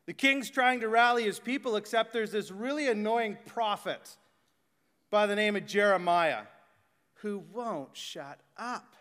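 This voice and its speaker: Bright high-voiced man preaching in a hall. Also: clean tone. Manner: swings from excited, animated talk to hushed, slow reverent delivery. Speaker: pastor. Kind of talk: sermon. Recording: echoey hall reverb.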